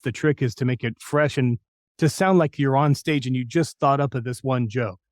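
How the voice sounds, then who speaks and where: A man's voice: mid-range voice, normal speed, no echo. Storytelling middle-aged man, dry sound. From New Mexico, USA. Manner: lively anecdotal, acts out quoted lines. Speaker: voice actor guest. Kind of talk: interview storytelling.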